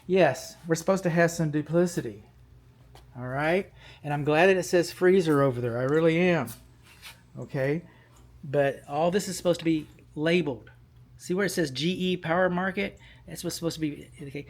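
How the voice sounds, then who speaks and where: A man's voice: fairly high pitch, a little fast, darkish tone. A middle-aged man, a home inspector, talking his way through an electrical panel inspection, repeating points and coaxing himself along. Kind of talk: on-site inspection walkthrough.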